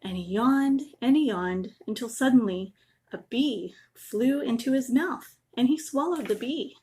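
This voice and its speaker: A woman gently reading a children's bedtime story aloud, adding little asides. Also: fairly high pitch, measured pace.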